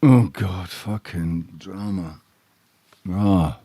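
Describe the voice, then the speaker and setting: A man's voice: deep voice, measured pace, a little mellow, no echo. A man chatting casually on a live stream, rambling and blunt, swearing freely and talking straight to his viewers. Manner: addresses chat viewers directly. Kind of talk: casual livestream chat with viewers.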